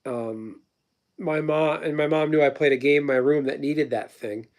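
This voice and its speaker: A man's voice: a little high, normal speed, a little mellow. Blunt, rambling man streaming live. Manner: rambling, profane, blunt storytelling; replies to chat messages. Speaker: livestream host. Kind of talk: casual livestream chat.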